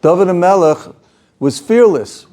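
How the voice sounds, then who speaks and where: A man's voice: high-pitched, lively intonation, measured pace, warm tone. A man, a rabbi, giving an informal Torah class, often restarting phrases and repeating himself. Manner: repeats himself, restarts, chuckles, acts out quotes.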